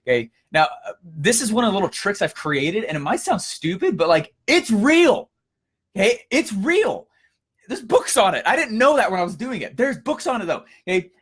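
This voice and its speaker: A young man giving a casual coaching lesson, energetic and storytelling, with frequent fillers and restarts. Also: high voice, a little fast, breathy edge. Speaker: course instructor.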